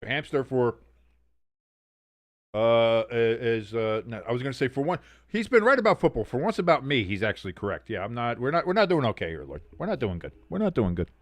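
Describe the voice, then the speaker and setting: Speaking fairly quickly and very animatedly at medium pitch, a man runs a laid-back football watch-along, calling plays and reading out chat. His humor is sardonic and full of curse words, recorded with no echo.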